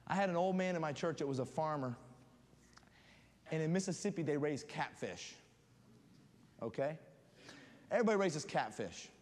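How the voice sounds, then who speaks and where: A man preaching a sermon as a guest speaker, building up to loud fervent shouting. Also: fairly high pitch, lively intonation, normal speed, long pauses. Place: church sanctuary. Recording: church hall reverb.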